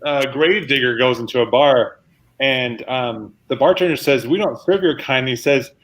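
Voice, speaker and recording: A man's voice: medium pitch, moderate pace, rough recording. A man improviser telling jokes over a video call, stumbling and mocking himself. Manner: animated, stumbling, self-mocking. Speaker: improv performer.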